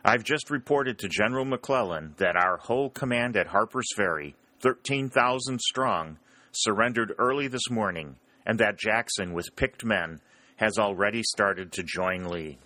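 A man's voice: fairly low pitch, normal speed, pushed and bright, no room sound. A man voicing a weary, matter-of-fact army scout in a storybook reading. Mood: reporting.

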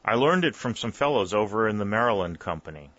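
A man's voice: lowish voice, expressive, fairly bright tone, dry recording, highs cut off. A man voicing a young soldier who is earnestly urging a good-luck charm on his friends, in a storybook reading. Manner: slow, solemn chanting of a charm.

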